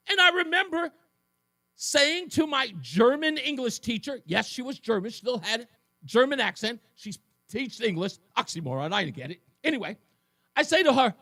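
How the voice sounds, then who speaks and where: A man in his fifties hosts a talk radio show, telling personal stories in a high, lively voice that leaps up and down. He slips in sarcastic asides. The studio sound is dry and close. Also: moderate pace, no echo. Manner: animated storytelling with sarcastic asides. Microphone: studio microphone.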